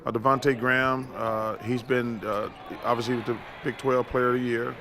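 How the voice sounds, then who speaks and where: A man's voice: mid-range voice, little pitch movement, normal speed, a crowd in the background. A man working as a broadcast analyst gives a hesitant interview soundbite with many fillers.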